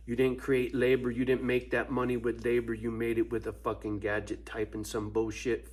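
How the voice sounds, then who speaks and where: A man's voice: mid-range voice, monotone, normal speed, few pauses, a little mellow. A man ranting casually to camera at home, profane and laughing often between points. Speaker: vlogger. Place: at home with his dog.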